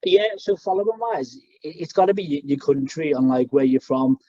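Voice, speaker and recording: A young podcast co-host rambles through a casual chat, full of fillers and restarts. His voice is fairly high, animated and brisk with a dark tone, in dull audio without echo.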